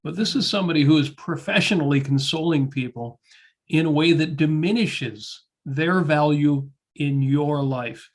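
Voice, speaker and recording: A man hosting a casual discussion, speaking in a measured, supportive way. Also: on the high side. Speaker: host.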